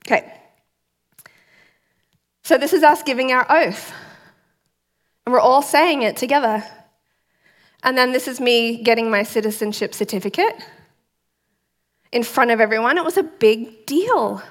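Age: adult. Sex: woman. Role: church speaker. Pitch: fairly high. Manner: lively, quizzing the congregation. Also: measured pace, long pauses. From outside the United States. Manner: lively, quizzes the audience with questions. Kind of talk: sermon.

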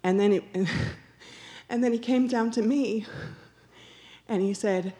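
Speaking slowly in a warm voice on the high side, a woman shares her personal testimony as a church member. Her storytelling is earnest, with recounted dialogue acted out and phrases repeated for emphasis.

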